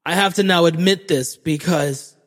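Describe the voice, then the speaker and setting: High-voiced, profane young man. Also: moderate pace, long reverb tail. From Florida, USA. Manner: profane, animated, self-mocking. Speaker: podcast host. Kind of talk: comedic storytelling monologue.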